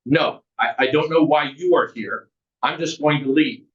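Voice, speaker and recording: A man's voice: on the high side, moderate pace, roomy sound, pitched above the performer's own voice, close to an everyday voice. A man voicing his wife with dementia as a confused, agitated, accusing woman. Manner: accusing, snarky. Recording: distant, muffled recording.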